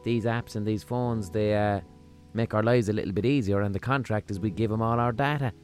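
A man's voice: on the low side, a little fast, faint music behind. Profane Limerick man rambling comically. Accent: Limerick Irish. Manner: rambling, profane and deadpan-humorous. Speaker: podcast host. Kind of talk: casual comic monologue.

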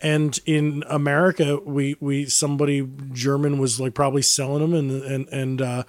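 A man co-hosting a casual podcast chat, telling a rambling, animated story full of fillers and restarts. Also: medium pitch, normal speed, no room sound. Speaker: podcast co-host.

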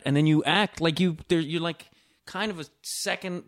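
A man's voice: a little high, normal speed, dry recording, clean studio sound. A man talking as a guest on a podcast, casual and joking, swearing now and then. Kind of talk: casual conversation.

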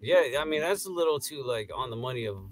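A man's voice: mid-range voice, expressive, quick pace. Man, casual podcast co-host, joking, loose delivery, faint music behind. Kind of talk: casual chat.

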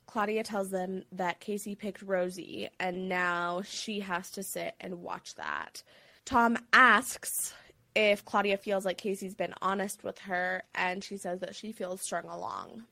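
A woman co-hosting a podcast, recapping episodes in casual chat and giving measured, reasoned takes that weigh both sides. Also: mid-range voice, fairly even intonation, vocal fry, sharp tone, no echo. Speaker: podcast co-host.

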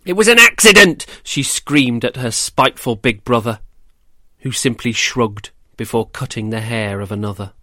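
A man reading a rhyming children's story aloud, gentle and measured, then quizzing children about it. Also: lowish voice, level tone, dry recording, clean studio sound. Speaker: storyteller and host.

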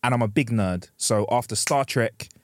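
A man co-hosting a podcast, trading quick slangy banter and swearing freely. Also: mid-range voice, no echo, clean studio sound. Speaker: podcast co-host. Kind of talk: casual chat.

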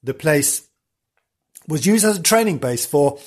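A man hosts a podcast and tells the story with theatrical gusto, piling on exclamations and jokes. His voice sits fairly high and swoops widely, with a slightly husky edge. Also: expressive, a little slow. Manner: theatrical and gushing, with big exclamations and self-aware jokes. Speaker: podcast host. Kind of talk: chatty comic storytelling.

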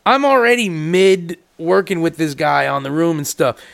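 A man's voice: on the high side, animated, moderate pace, creaky, fairly bright tone. A young man on a podcast, telling a long story casually, swearing and acting out both sides of each conversation. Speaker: podcast co-host.

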